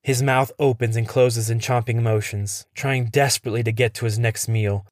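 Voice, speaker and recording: A man telling a first-person horror story in a steady, tense narration. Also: mid-range voice, moderate pace, few pauses, no room sound, clean studio sound.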